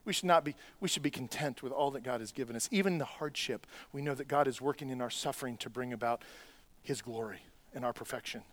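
A man preaching a sermon, conversational and earnest, dropping to quiet asides and climbing to loud, rising exhortation. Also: mid-range voice, fast. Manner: conversational preaching with restarts and plain talk. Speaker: pastor.

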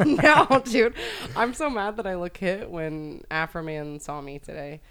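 A woman's voice: on the low side, measured pace, a bit bright, clean tone. A woman co-hosting a casual comedy podcast, teasing her partner and giggling often. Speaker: podcast co-host.

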